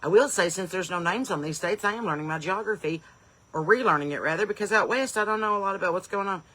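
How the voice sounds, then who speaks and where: A woman's voice: mid-range voice, fast talker, pushed and bright. A woman comedian hosting a live stream from her home porch in the evening. She greets viewers in folksy, upbeat bursts and wanders off into rambling asides.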